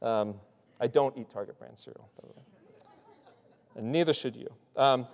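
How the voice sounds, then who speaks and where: A man's voice: on the high side, sing-song, normal speed. A male pastor giving a conversational sermon, restarting his sentences and checking in with his listeners. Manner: loose, restarts often, asks "right?". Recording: long hall reverb.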